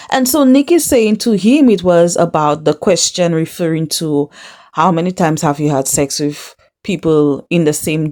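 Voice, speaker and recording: Chatty woman recapping reality TV. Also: on the low side. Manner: chatty, animated storytelling with quoted asides. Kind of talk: casual recap vlog.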